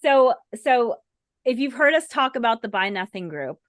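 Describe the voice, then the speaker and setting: A woman's voice: fairly high pitch, sing-song, moderate pace, no echo, clean studio sound. A woman co-hosting a casual chat, talking easily and laughing often. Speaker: co-host.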